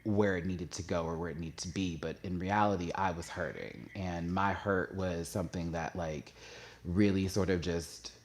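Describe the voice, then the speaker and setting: A man's voice: steady tone, moderate pace. A man hosting his own show, talking openly and emotionally to his viewers, hesitant at first and then rising with feeling. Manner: emotional, confessional, hesitant with restarts; gets louder and higher when stirred. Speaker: YouTube show host. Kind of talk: candid personal talk to viewers.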